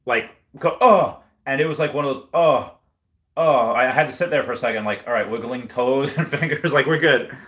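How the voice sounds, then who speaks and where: A man's voice: mid-range voice, fast, a bit bright. A young man casually chatting on a livestream, reading viewer comments and telling rambling, self-deprecating stories full of fillers. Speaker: livestream host.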